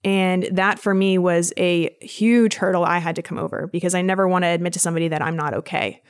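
Her voice is fairly low, fairly quick, clear and resonant: a personal trainer on a podcast, livelily recounting a personal story in a casual interview and performing the voices of people she quotes.

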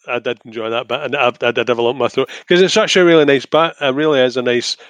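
A man's voice: medium pitch, fairly even intonation, quick pace, a bit bright, no echo. A man co-hosting a podcast, chatting casually with dry, wry asides. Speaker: podcast co-host. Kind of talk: casual chat.

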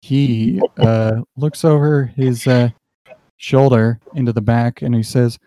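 A man narrating as game master in a relaxed, halting way with fillers. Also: medium pitch, dry recording.

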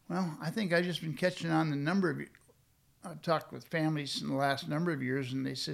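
Brisk and creaky, the high-leaning voice of an older guest on leadership carries a reflective, conversational discussion. He often uses fillers and restarts his sentences.

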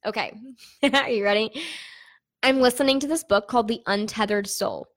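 A woman's voice: fairly high pitch, normal speed. A young woman running an online business, talking candidly and chattily to her viewers in a casual vlog, with lots of fillers.

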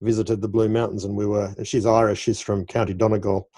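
A man's voice: on the low side, level tone, fast, dark tone. A man interviewing a guest, chatty and playful, telling anecdotes between questions. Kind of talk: interview conversation.

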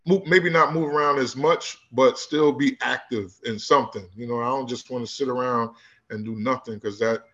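Animated male coach telling stories. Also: mid-range voice, normal speed, muffled recording. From Newark, New Jersey. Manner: animated storyteller who acts out quoted voices. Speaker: guest, high school basketball coach. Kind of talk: casual interview storytelling.

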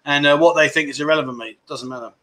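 This livestream host is a man with a fairly high pitch and a steady, sharp tone who speaks quickly. He rambles candidly through a casual stream, reading viewer comments aloud and addressing people as "mate."

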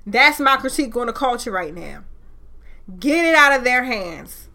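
Fiery, bright-voiced woman podcaster. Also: a little high, very animated, moderate pace. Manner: fiery, preachy, loud at times. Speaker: podcast host. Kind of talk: impassioned solo podcast rant.

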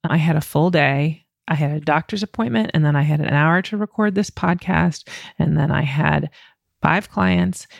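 Candid woman podcast host, gravelly edge. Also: sits low, normal speed, dry recording. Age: middle-aged. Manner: candid, self-deprecating, laughs often. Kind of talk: solo podcast, coaching monologue.

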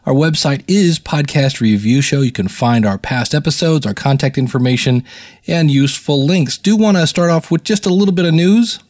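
A man's voice: a little high, lively intonation, normal speed, darkish tone. An American man hosting a podcast in a chatty, rambling, self-deprecating way. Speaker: podcast host. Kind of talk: casual solo podcast talk.

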